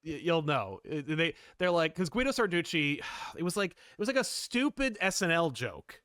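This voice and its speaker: A man co-hosting a comic book podcast in a casual, animated chat. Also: on the high side, moderate pace, smooth, no echo, studio quality. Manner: animated, jumps into quoted voices and laughs. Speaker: podcast co-host.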